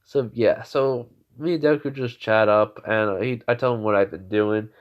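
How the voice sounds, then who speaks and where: A man improvising a fan story, rambling and halting with many fillers, on a dull lo-fi recording. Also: on the low side.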